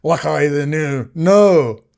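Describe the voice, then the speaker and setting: A man's voice: on the high side, takes it slowly, creaky, a little mellow. A man putting on a mocking Scottish voice, playing a teasing Scotsman in a sing-song way. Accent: put-on Scottish.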